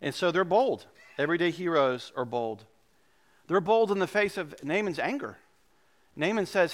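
A male pastor preaching a sermon in a conversational, animated way. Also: a little high, normal speed.

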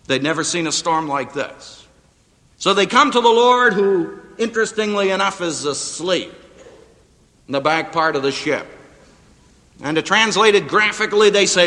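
A man preaching a sermon to a live audience, with dramatic emphasis that rises to near-shouts on quotes. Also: high voice, expressive, normal speed, pauses often. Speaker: preacher and seminary professor. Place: auditorium before a live audience. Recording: hall reverb, radio broadcast.

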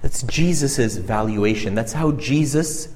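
Preacher, male, mid-pitched: earnest and informal, stumbles and restarts, long hall reverb. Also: lively intonation, a little mellow. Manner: earnest, halting, repeats and restarts phrases. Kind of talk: conversational sermon.

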